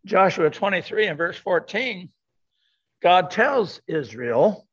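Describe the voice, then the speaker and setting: A man's voice: high voice, big pitch swings, slow pace, a bit bright, husky. Older male preacher, emphatic sermon. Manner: emphatic, repeats key words. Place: church sanctuary. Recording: dull lo-fi sound.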